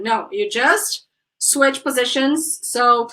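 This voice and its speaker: Woman English teacher, high pitch, slow unhurried lively delivery. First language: Portuguese. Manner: lively, chatty, acts out exasperated example questions. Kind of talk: online English grammar lesson.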